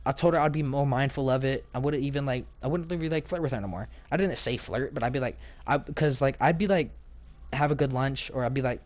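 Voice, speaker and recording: A man telling a casual storytime about a clash with his teacher, slangy, rambling and indignant. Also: medium pitch.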